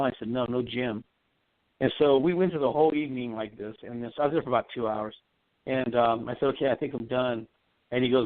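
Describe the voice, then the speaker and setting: A man's voice: medium pitch, fairly quick. Man telling a story over a tinny phone line. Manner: rambling, many ums and restarts. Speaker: psychic medium guest. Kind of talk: storytelling in a radio interview.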